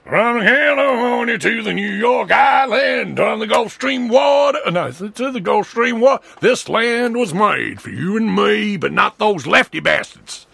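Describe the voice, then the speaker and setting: A man playing a ranting conservative neighbor who shouts and sings in outrage. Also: high-pitched, big pitch swings, unhurried, vocal fry, hardly any pauses, no echo, exaggerated voice. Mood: outraged. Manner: shouting, outraged, singing snatches of song. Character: ranting flag-waving conservative neighbor, male.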